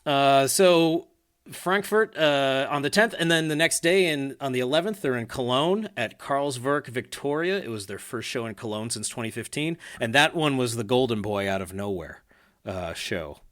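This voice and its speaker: A man's voice: mid-range voice, animated, normal speed, fairly bright tone. Chatty male podcast host. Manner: chatty, laughs easily, many fillers and restarts. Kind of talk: casual podcast chat.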